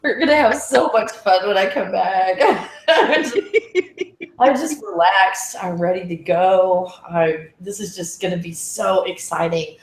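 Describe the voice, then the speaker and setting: A woman's voice: medium pitch, measured pace, reverberant. A woman chatting as a guest on a show, telling stories with lots of laughter and acting out the voices of others. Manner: laughing storyteller, acts out voices. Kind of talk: casual chat.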